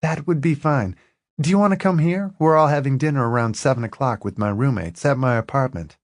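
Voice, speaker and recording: A man reading the part of a young woman writer, eager and a little hesitant, in a soft raised voice. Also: medium pitch, a little fast, no room sound, voice pushed up, natural voice. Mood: warm.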